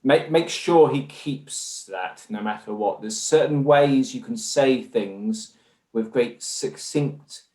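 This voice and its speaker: A man's voice: medium pitch, slow, a little mellow. A man with an English accent, a guest in a conversational interview, talking in an earnest, discursive way. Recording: roomy echo.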